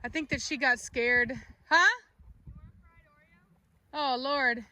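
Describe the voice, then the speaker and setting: A woman's voice: high voice, slow pace. A woman, a dog breeder chatting casually on her vlog and cooing baby talk at her dogs. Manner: coos baby talk at the dogs, calls them loudly. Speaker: dog breeder and channel host. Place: outdoors with dogs. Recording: noisy outdoor recording.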